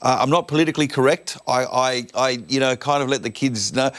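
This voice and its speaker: A middle-aged Australian man talks like a comedian on a morning show. He tells chatty, self-mocking stories and jokes about his family. His voice sits at an ordinary middle pitch. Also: a little fast, fairly bright tone. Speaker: comedian guest. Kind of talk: joking talk-show chat.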